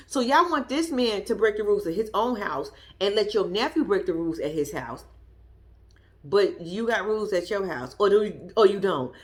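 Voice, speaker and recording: A woman giving blunt, profane reaction commentary on a reality show, talking straight at the people in it with sass and disbelief. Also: mid-range voice. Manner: blunt, profane, sassy, argues at the people she discusses. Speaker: show reviewer.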